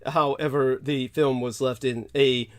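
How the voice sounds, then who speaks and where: A man hosting a casual chat, starting with halting restarts and then lecturing insistently. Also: mid-range voice, steady tone. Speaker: show host.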